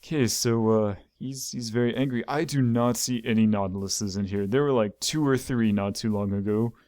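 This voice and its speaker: A man's voice: fairly low pitch, normal speed, mellow, no echo. A man hosting a gaming video, talking through his play in rambling commentary and often repeating words as he thinks aloud.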